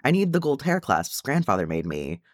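A man's voice: medium pitch, huge pitch swings, moderate pace, no room sound, studio quality, pitched above the performer's own voice. Gimli, a man doing a hot-tempered young dwarf. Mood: agitated. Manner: agitated, loud.

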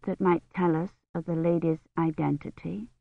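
A woman voicing a gentle medieval noblewoman who speaks softly and carefully. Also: low voice, steady tone, normal speed, gravelly, no room sound, narrow, tinny audio. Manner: soft and careful.

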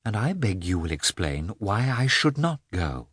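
A man's voice: fairly low pitch, very animated, a little slow, a bit bright, husky, no room sound, studio quality, exaggerated voice. A man voicing a passionate, defiant young noblewoman who pleads and insists with great feeling. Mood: insistent. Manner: impassioned, pleading.

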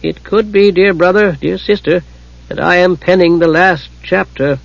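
Gillian, a man doing a gentle higher-pitched god. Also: fairly even intonation, normal speed, vocal fry, no echo. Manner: gentle and mollifying, raised pitch. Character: gloomy, mild-mannered male god and chronicler. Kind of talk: audiobook character reading. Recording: muffled lo-fi recording.

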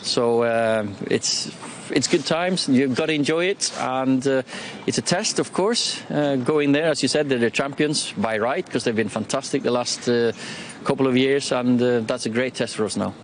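A man's voice: medium pitch, moderate pace, slight background noise. A man speaking as a football manager in a press interview clip, hesitant with many fillers.

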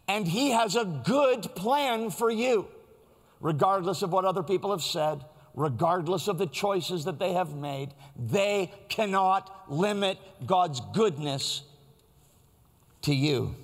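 A man's voice: high voice, lively intonation, slow pace, in a large hall. A man preaching a sermon in a church, in a conversational, storytelling way. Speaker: pastor.

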